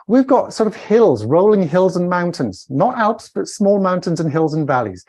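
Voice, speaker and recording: A middle-aged Welsh man, a communication coach on a podcast, talking expressively and demonstrating inflection with swings in pitch. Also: big pitch swings, normal speed, a little mellow. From Wales. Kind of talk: podcast interview.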